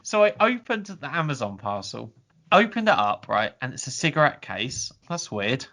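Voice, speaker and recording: A man's voice: mid-range voice, big pitch swings, normal speed. A man hosting a podcast in loose, casual chat. He talks freely and laughs often as he goes. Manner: chatty, laughs often, self-described softie. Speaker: podcast host.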